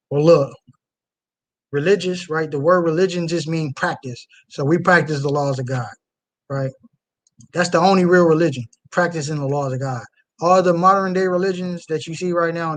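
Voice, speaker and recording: A young man with a notably high-pitched voice preaches and reacts live to a clip. He swings between low, muttered asides and heated, loud outbursts, full of fiery conviction. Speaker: street preacher reacting to a video.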